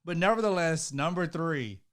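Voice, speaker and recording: A man in his thirties co-hosting a casual chat with his wife, animated, laughing often and acting out quotes in a raised voice, speaking. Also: a little high, moderate pace. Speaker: co-host, husband.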